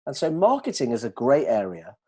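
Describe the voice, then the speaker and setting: A man explaining communication ideas to colleagues in an animated way, checking that they follow. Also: medium pitch, fairly quick, slightly rough. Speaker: dental communication trainer. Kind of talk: explanatory discussion.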